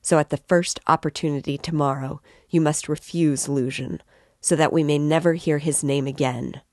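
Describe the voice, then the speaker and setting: A woman's voice: sits low, steady tone, moderate pace, darkish tone, no room sound, studio quality, natural voice. A woman voicing a feverish, irritable young man who speaks in a broken voice.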